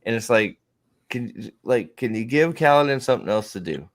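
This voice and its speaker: A man's voice: medium pitch, animated, moderate pace. A man in casual book discussion, rambling and restarting, swearing often and acting out scenes. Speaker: podcast host.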